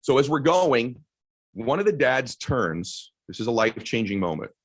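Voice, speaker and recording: A man's voice: mid-range voice, sing-song, moderate pace, no room sound, low-quality recording. A middle-aged man telling an intense, emphatic story as a motivational speaker, with a little profanity. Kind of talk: motivational storytelling to a live audience.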